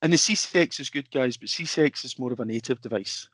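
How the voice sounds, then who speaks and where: A man's voice: medium pitch, quick pace, fairly bright tone, no room sound. Chatty man giving a webinar. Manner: chatty, informal, filler-heavy. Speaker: product presenter. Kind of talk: webinar product presentation. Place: home office.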